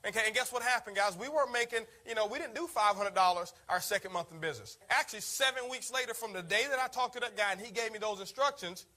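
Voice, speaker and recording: Fast, bright-voiced energetic male speaker. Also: high-pitched. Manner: energetic, storytelling, addresses listeners as guys. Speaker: network marketing speaker. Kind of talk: motivational talk to an audience.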